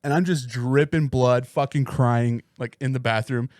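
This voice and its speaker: A man co-hosts a podcast, telling rambling, profane stories in casual conversation. His mid-range voice is a little mellow, with fairly even intonation and a moderate pace, captured in a dry, clean studio recording.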